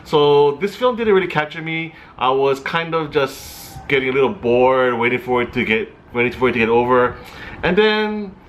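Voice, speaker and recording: A man's voice: mid-range voice, lively intonation, normal speed, a bit bright, slight background noise. A man giving a casual movie review, chatty and a little hesitant, with fillers and restarts.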